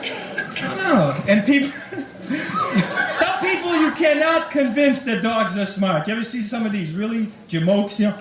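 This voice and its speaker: A man doing a stand-up comedy set on a club stage, acting out quick voices in his jokes. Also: extremely high pitch, animated, noisy background. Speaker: stand-up comic. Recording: echoey live club tape from a distance. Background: audience laughter.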